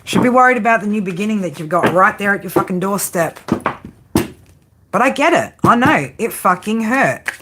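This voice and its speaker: A woman giving a tarot reading, blunt and profane, often tagging her points with a quick "right?". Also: mid-range voice, expressive, background noise. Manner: frank tough-love delivery. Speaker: tarot reader.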